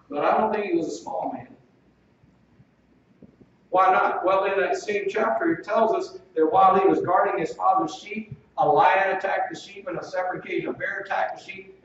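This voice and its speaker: A man's voice: high-pitched, slight background noise. A male pastor preaching a sermon in an emphatic, folksy manner, heard from a distance in a church. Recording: echoey, dull, distant room recording.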